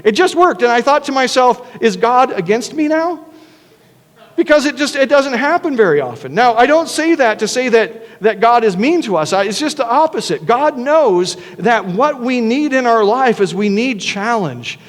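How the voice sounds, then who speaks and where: Male pastor, sermon, high voice, conversational, restarts, reverberant church. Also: lively intonation, normal speed. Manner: earnest, conversational preaching with many restarts. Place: church sanctuary.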